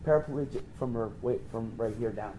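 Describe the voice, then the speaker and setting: A man preaching, telling a story and acting out the voices of the people in it with sudden high jumps in pitch. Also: a little fast, mellow, slight background noise, poor audio. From Pennsylvania. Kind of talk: storytelling sermon.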